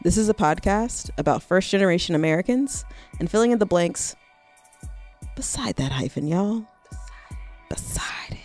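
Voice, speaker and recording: A woman's voice: fairly low pitch, moderate pace, faint music behind. A woman hosting a podcast in casual, playful chat, calling listeners "y'all". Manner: lively, playful, says "y'all" and "sis". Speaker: podcast host.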